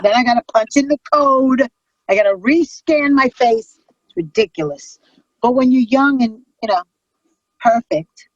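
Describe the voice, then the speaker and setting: Brash, profane New comic woman, middle-aged, husky and dry-voiced. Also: a little high, normal speed, no echo, dull audio. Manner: brash, profane, animated storyteller. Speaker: comedian guest. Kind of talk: casual storytelling chat.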